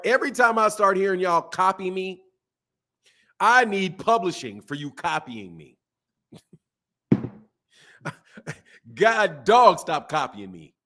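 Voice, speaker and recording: High-voiced man ranting about boxing. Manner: animated, repetitive, rhetorical questions. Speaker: boxing commentator. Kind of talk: casual commentary rant.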